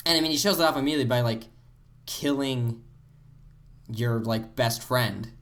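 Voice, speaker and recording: A man co-hosts a casual gaming podcast, chatting about video games and musing thoughtfully while leaning heavily on "like" as a filler. His voice is mid-range and a bit bright, delivered at normal speed.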